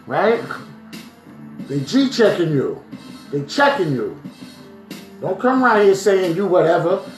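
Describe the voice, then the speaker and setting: A man's voice: high voice, sing-song, measured pace. A man from New Jersey livestreaming on a phone, talking in a preachy, emphatic way and often checking in with "right?". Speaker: vlogger. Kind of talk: live-streamed commentary. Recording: echoey room with faint music.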